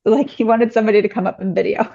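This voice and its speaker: A woman talks casually as a podcast guest, chatty and loose, dropping "like" into almost every phrase. Her voice sits at an ordinary middle pitch. The recording sounds dull and a little lo-fi. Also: very fast, vocal fry. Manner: chatty, many "like" fillers, lively acted-out quotes. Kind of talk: casual personal storytelling.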